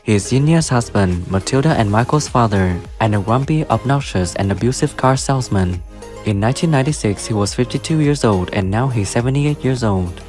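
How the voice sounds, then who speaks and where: A man's voice: medium pitch, a little fast, faint music behind. Man reading a scripted cast rundown. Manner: flat, list-like reading of names and ages. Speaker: narrator of a cast then-and-now video. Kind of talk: scripted narration.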